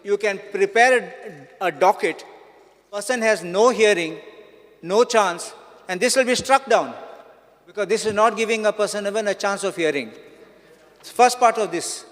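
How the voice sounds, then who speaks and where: A man's voice: sits high, moderate pace, fairly bright tone. A man, a legislator and advocate, raising formal objections in a debate and citing statutes, dates and constitutional articles. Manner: legalistic, cites statutes and dates. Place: legislative assembly hall. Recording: long reverb in assembly chamber.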